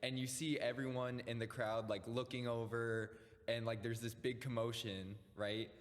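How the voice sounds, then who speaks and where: A young man, a podcast guest, talking excitedly about wrestling, swearing and laughing as he goes. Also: medium pitch, moderate pace. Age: young adult. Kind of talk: casual chat. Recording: long reverb in the room.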